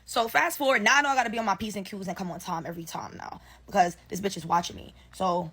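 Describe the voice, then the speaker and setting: A woman's voice: mid-range voice, quick pace, breathy edge. A young woman telling a casual storytime rant about her job, profane and slangy, acting out what people said. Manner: animated, profane, slangy storytelling with acted-out quotes. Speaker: storyteller ranting about work. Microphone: phone selfie video.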